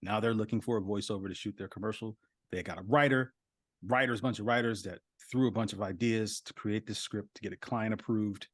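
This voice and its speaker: A man's voice: fairly low pitch, fairly even intonation, brisk, no echo, clean studio sound. A man in his thirties, a voice actor guest on a podcast, talking casually and rambling with lots of "like" and "you know.".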